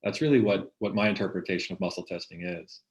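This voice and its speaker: Man guest, lower voice, measured and halting explanation. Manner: thoughtful, halting with restarts. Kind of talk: explaining in an interview.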